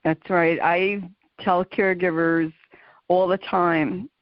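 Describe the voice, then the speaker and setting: A woman's voice: fairly low pitch, fairly even intonation, slow pace, no room sound. Chatty woman host cheering on caregivers, kinda lo-fi and dry. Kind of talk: interview conversation.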